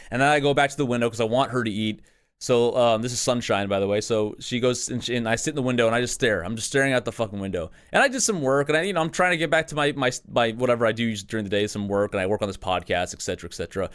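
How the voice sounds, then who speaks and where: A young man holds forth on a podcast, spinning a personal story in loose casual chat. He swears freely, trips over himself and restarts sentences as he gets worked up. His voice sits at an ordinary, mid-range pitch. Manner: animated, swears often, frequent restarts. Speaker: podcast co-host.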